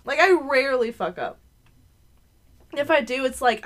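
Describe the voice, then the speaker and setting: A woman's voice: high voice, expressive, unhurried, long pauses, a bit bright. A woman in her twenties chatting casually on a podcast, blunt and profane, mimicking customers as she vents. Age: 20s. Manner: blunt, profane, mocks customers in put-on voices. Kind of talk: casual chat.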